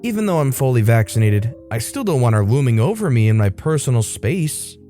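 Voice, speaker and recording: Warm-toned man narrating a story. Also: medium pitch, big pitch swings, brisk, soft background music.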